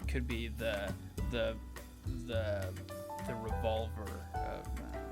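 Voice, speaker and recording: A man co-hosting a casual chat, brainstorming ideas in a hesitant, halting way. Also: on the low side, little pitch movement, over loud music. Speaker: podcast co-host.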